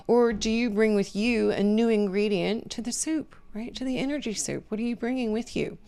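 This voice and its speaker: A woman's voice: fairly high pitch, moderate pace, few pauses, mellow. A woman hosting a podcast, giving casual life advice, talking conversationally and checking in with "right?" at the end of her points. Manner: conversational, keeps asking "right?", sometimes drops to a whisper. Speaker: podcast host.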